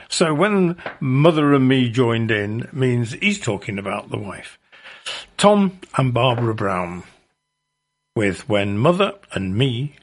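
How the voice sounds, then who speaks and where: A man hosting a folk music radio show, chatting casually and hesitantly with many ums. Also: medium pitch.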